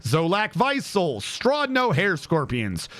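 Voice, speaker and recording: Animated high-voiced male streamer. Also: takes it slowly. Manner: animated, exasperated, swears freely, talks to chat. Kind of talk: casual game commentary.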